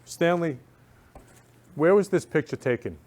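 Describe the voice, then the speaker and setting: A man's voice: a little high, animated, unhurried, a little mellow. A man hosting a talk show in a studio, effusive and repetitive, constantly telling guests he loves them.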